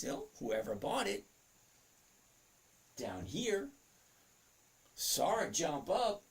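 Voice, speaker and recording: A man's voice: a little high, breathy edge. A man hosting a casual live stream on trading, greeting chat viewers by name in an upbeat, chatty way. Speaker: livestream host teaching stock trading.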